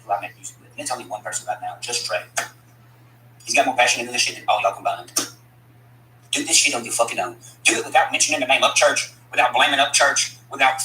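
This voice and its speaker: A man's voice: a little high, sharp tone, echoey room, a little hiss or hum, rough recording. A man delivering a blunt, profane, combative rant at his critics, speaking as a country rapper. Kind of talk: angry profane rant to camera.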